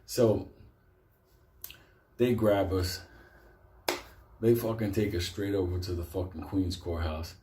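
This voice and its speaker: A man's voice: deep voice, slow, pauses often, reverberant, slight background noise. A middle-aged man, telling a wild story full of curses and laughs. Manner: profane, laughing, animated storyteller. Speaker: host. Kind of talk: profane storytelling.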